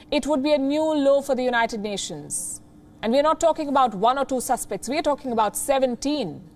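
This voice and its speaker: A woman news anchor with an Indian English accent, delivering scripted commentary full of pointed rhetorical questions. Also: high voice.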